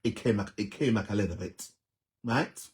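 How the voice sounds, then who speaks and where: A man's voice: fairly low pitch, normal speed. A Jamaican man hosting a vlog, giving emphatic reaction commentary, repeating himself and often laughing. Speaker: vlog host.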